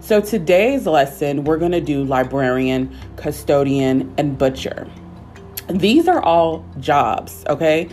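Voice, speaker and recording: A woman teaching a simple English lesson, speaking patiently and repeating words slowly for learners. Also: low-pitched, animated, darkish tone, soft background music. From United States.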